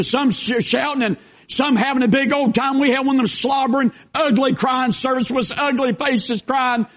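An older pastor preaches in a strikingly high voice, alternating between shouted exhortations and folksy storytelling asides. The recording sounds dull and lo-fi.

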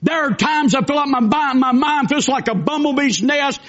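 A man preaching a fervent, folksy sermon as a pastor, with bursts of shouting. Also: very high-pitched, moderate pace. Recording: dull lo-fi recording.

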